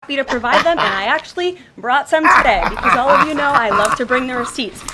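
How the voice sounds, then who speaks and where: A woman giving a press briefing as press secretary, speaking firmly and deliberately. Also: sits high, expressive, heavy background noise. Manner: firm, deliberate delivery.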